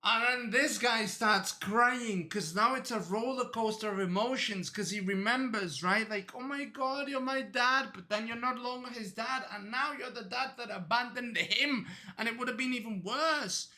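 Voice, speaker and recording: A man streaming a reaction video, riffing in an excitable, rambling, goofy way. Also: very high voice, moderate pace, hardly any pauses.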